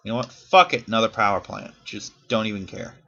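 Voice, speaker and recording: A man's voice: on the low side, a little fast, creaky, pushed and bright, highs cut off. A man rambling through casual gameplay commentary as a YouTuber, swearing freely and poking fun at himself. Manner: rambling, profane, self-deprecating.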